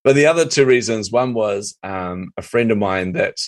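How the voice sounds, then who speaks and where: A middle-aged man, a marketing coach, talking as an interview guest in an energetic, emphatic way, laughing often. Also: lowish voice, moderate pace, no echo, studio quality. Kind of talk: casual interview chat.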